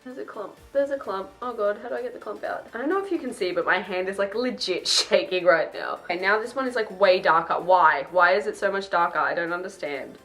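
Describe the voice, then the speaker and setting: A woman's voice: medium pitch, animated, fast, hardly any pauses, a bit bright, soft background music. A young woman, chatting casually and self-deprecatingly while doing her makeup on camera. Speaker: beauty vlogger.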